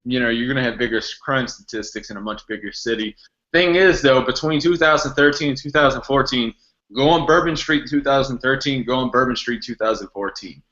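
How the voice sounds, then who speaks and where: A man's voice: medium pitch, fairly quick, fairly bright tone. A man hosting a casual chat, blunt and heavy on profanity. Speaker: podcast host. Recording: muffled lo-fi recording.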